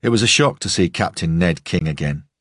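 A male narrator reads a first-person novel in a measured, understated way. His voice is very low and husky. The recording is close and dry. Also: animated, a bit bright, no room sound. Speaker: audiobook narrator.

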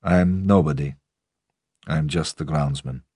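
A male narrator putting on a guarded old groundsman, Russian-tinged West Country accent, low and husky. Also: moderate pace, darkish tone, dry recording, studio quality. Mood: curt, guarded. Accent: Russian mixed with West Country English. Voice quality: terse, clipped. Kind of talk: audiobook character voice.

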